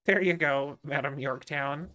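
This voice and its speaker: A man's voice: on the high side, measured pace, pushed and bright. A man casually commenting on a video game as he plays, chatty and rambling with lots of fillers. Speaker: streamer.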